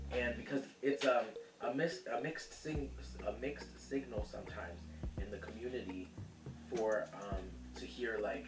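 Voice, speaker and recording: A man's voice: medium pitch, normal speed, distant mic, over music. Sassy chatty man in an echoey kitchen. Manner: sassy, calls viewers honey, laughs easily. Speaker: cooking vlog host. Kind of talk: casual chatty cooking vlog.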